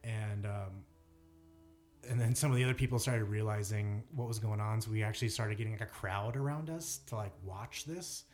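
A man's voice: fairly low pitch, normal speed, a little mellow, soft background music. Rambling man telling a ghost story. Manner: rambling storyteller, lots of fillers. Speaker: podcast co-host. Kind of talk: casual chat.

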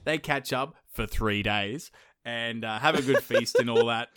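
A man's voice: mid-range voice, unhurried, clear, resonant tone, dry recording, clean studio sound. Man, retelling a folktale. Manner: acts out characters in lively put-on voices. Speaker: podcast host. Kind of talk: casual comedic storytelling.

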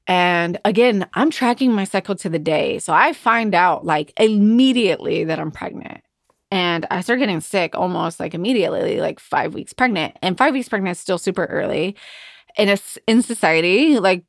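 A woman's voice: medium pitch, no room sound, clean studio sound. A woman in her thirties hosting a podcast, talking frankly and emotionally with frequent swearing. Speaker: podcast host. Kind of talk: candid personal monologue.

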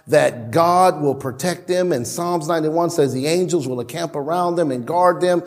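Pastor, male, high voice, animated sermon delivery with stammered restarts, church reverb. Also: normal speed. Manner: animated preaching with stammered restarts and acted-out quotes. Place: church sanctuary.

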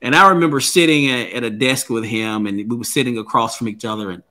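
A man's voice: mid-range voice, fast talker, pushed and bright. A man who is a guest and author, telling a personal story in an interview in an earnest way and often repeating words as he starts a thought.

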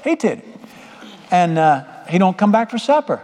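High-voiced man preaching, long hall reverb. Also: very animated, normal speed, a little mellow. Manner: folksy storytelling with direct questions to the congregation. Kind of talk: sermon.

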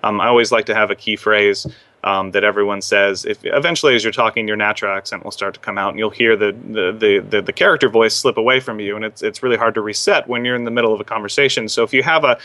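A man's voice: lowish voice, fairly even intonation, quick pace, sharp tone. A young man, a former theme park performer and accent trainer, chatting casually with lots of fillers and restarts. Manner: rambling with many fillers and restarts. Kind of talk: casual interview chat.

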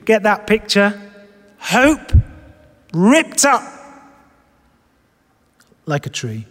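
A man preaching a sermon, swinging between loud emphatic lines and soft, low asides. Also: wildly swooping pitch, extremely slow, pauses often, big-room sound. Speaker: pastor. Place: church hall with screens.

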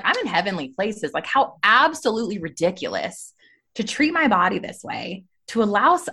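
Woman, thirties, podcast co-host, candid testimony, lively pitch. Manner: candid, animated storytelling. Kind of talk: personal testimony in conversation.

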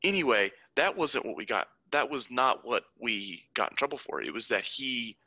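A young man tells a story in casual talk, getting heated and restarting his sentences often. His voice is very bright and forceful, and the recording is dry and close. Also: mid-range voice, lively intonation, moderate pace, dry recording, rough recording. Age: young adult. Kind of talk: casual conversation.

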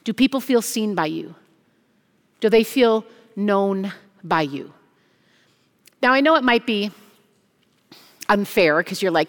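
A young adult woman, a junior high pastor, preaching an animated chapel sermon and acting out the voices she quotes. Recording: long hall reverb.

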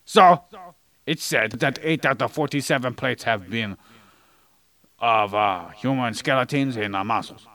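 In a poorly recorded podcast, the male co-host explains history casually while cracking goofy jokes. His medium-pitched voice is bright and forceful, his pace unhurried, and there's no room sound.

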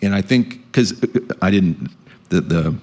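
Low-voiced male lecturer, measured answers with repeated words while he thinks. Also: dark tone. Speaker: guest speaker answering audience questions. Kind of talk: public lecture Q&A.

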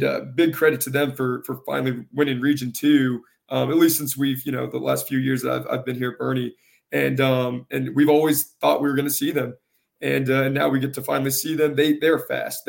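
Speaking in a level tone during an informal interview, a high school soccer coach has a gravelly voice that projects. He talks earnestly, pausing and repeating words.

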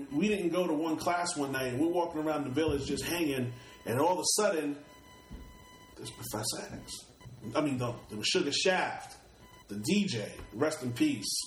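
Streetwise New York man, roomy sound. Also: mid-range voice. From Brooklyn, New York. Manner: streetwise, repeats and restarts words, swears casually. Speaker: rapper interview guest. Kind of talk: casual storytelling interview.

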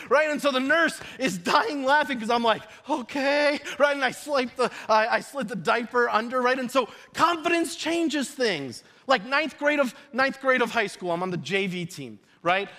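A young man preaching a sermon, moving between casual storytelling asides and loud emphatic shouted declarations. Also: extremely high pitch. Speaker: pastor.

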